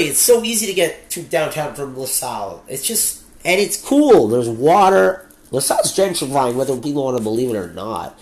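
Solo podcast host: young Canadian man, mid-pitched, rants hotly and swears freely. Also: a little mellow. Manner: heated, profane ranting.

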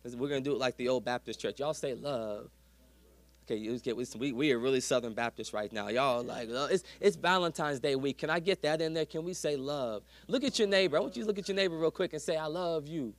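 A man pastor giving a lively folksy sermon, calling out to the congregation. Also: mid-range voice, fast. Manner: lively preaching with call-and-response to the congregation; folksy, says "y'all".

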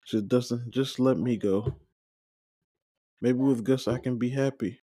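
A man in a watch-along, recapping an episode and reading the characters' lines aloud. His pitch is a middle one for a man, and the recording is dry and close, with no room sound. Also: steady tone, unhurried, mellow, husky, no room sound. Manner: paraphrases scenes, quotes characters with brief joking asides. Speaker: watch-along podcast host.

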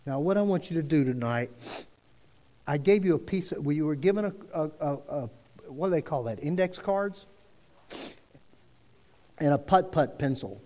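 Lively high-voiced preacher in reverberant church. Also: male voice. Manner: earnest, preacherly rises and drops, slow emphatic phrasing. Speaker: pastor. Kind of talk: sermon. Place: church sanctuary. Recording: long reverb of a church hall.

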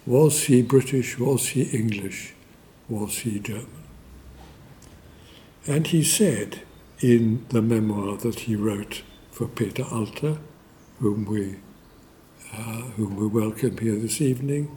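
A man giving a formal memorial lecture, measured and deliberate, with pauses and fillers and a dry scholarly wit. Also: on the low side, dark tone, a little hiss or hum.

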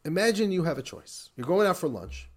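Rabbi-teacher type: energetic man, lively swooping delivery, quick laughs, a touch higher-pitched. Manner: animated, laughs often, repeats for emphasis. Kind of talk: lively recorded class.

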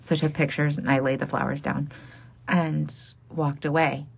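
A woman's voice: low voice, level tone, normal speed, gravelly, breathy edge. A woman who runs a small art business tells a personal story frankly and plainly, laughing now and then between lines.

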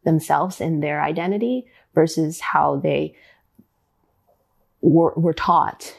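A woman, a ballet dancer, answering interview questions in a thoughtful, halting way, often searching for words. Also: sits low, vocal fry. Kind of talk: interview conversation.

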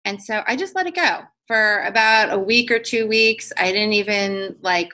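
Bright-voiced earnest woman host. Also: mid-range voice, normal speed. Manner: earnest, reflective, motivational. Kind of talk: casual conversational podcast.

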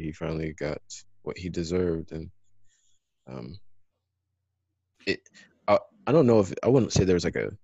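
A man co-hosting a podcast in casual chat, halting and searching for words. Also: sits low, darkish tone, no echo, lo-fi sound. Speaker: podcast co-host.

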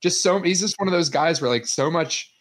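A man's voice: fairly high pitch, a little fast. A young man co-hosting a podcast, talking in an easygoing, rambling, reflective way. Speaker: podcast co-host. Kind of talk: casual podcast chat.

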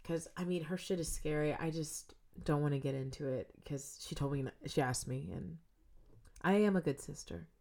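A young woman sits in as a podcast guest, chatting casually and swearing freely. Her voice sits a little low. She swings between loud, animated bursts and hushed near-whispers. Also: normal speed, vocal fry. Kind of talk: casual chat.

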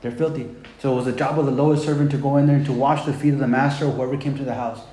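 Mellow-voiced casual preacher man. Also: mid-range voice, steady tone, rapid-fire. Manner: casual and conversational, says "man" and "right?" often; retells the scripture in plain everyday words. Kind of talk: sermon. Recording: echoey room with faint background noise.

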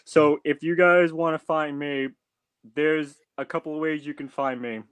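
A man's voice: a little high, steady tone, normal speed, fairly bright tone, clean tone, dry recording. A man chatting as a guest on a podcast, hesitant with many restarts and fillers, speaking bluntly and earnestly. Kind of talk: casual chat.

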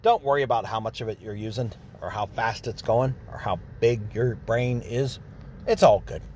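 A man's voice: on the low side, normal speed, darkish tone, a little hiss or hum. A man hosting a podcast, rambling sarcastically and acting out imagined exchanges in a casual monologue. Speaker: podcast host.

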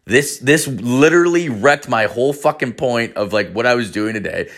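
A man's voice: medium pitch, animated, moderate pace, fairly bright tone. A man voicing an exasperated middle-aged male instructor, a former police officer, who scolds and swears in disbelief. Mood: flustered.

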